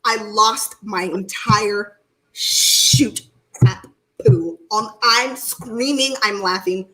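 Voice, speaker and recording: A woman co-hosting a casual live-stream chat over a video call, telling stories with loud bursts of laughter. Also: on the high side, very slow, poor audio. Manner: animated storytelling with loud laughs. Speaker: Reiki practitioner and co-host.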